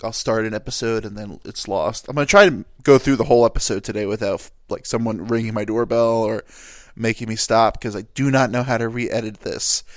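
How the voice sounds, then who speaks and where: A man's voice: medium pitch, no echo, clean studio sound. A young man hosting his own podcast, talking in a rambling, self-deprecating way with crude jokes. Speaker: podcast host. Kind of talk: casual solo podcast monologue.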